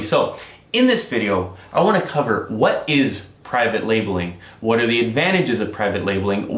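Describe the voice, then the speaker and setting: A man's voice: mid-range voice, a bit bright, roomy sound. A man hosting a casual business explainer vlog from his home studio, upbeat and talking straight to his viewers as guys. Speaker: business vlogger.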